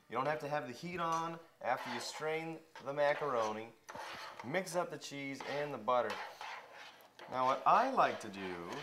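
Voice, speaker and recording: A man's voice: mid-range voice, fairly bright tone, slight background noise. A young man with a mid-range voice talks a viewer through a cooking demo. He is chatty and folksy, narrating each step as he works in a home kitchen. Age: young adult. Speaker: cooking show host. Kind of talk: casual cooking demonstration.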